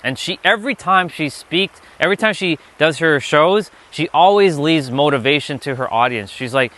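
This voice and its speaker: A man's voice: a little high, lively intonation, moderate pace, hardly any pauses, a bit bright. A man giving a motivational livestream talk, emphatic and profane, often repeating himself. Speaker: livestream speaker.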